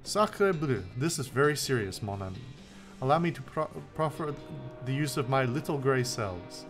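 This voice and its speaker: A man's voice: mid-range voice, expressive, normal speed, music in the background, lightly acted. A man voicing a pompous, portly male detective in a video game with a put-on French accent, speaking in a fussy, courteous and theatrical way.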